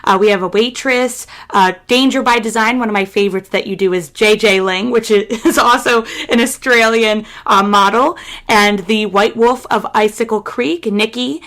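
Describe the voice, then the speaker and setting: A woman's voice: a little high, normal speed, fairly bright tone. A woman hosting a podcast, asking interview questions enthusiastically and reading through a list of roles. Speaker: podcast host.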